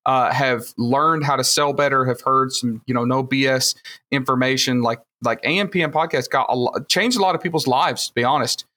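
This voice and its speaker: A man's voice: medium pitch, brisk, pushed and bright. A man with a Southern Alabama accent, telling rambling, enthusiastic stories with plenty of fillers on a casual podcast. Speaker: podcast guest, future host.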